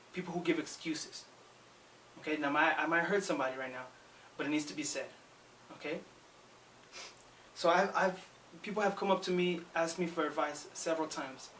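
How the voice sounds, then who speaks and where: A man's voice: fairly high pitch, fairly bright tone, recorded from a distance, slight background noise, rough recording. Earnest, emphatic male motivational speaker. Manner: earnest, emphatic, repeats words when starting sentences. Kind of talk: motivational talk to camera.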